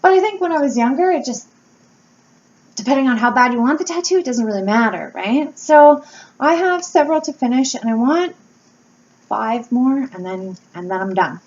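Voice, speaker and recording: Talking candidly to camera from home, a wax-melt YouTuber and blogger tells stories with lively energy, laughing and swearing casually. Her voice is high and her pace normal, in a slightly dull recording with faint background noise.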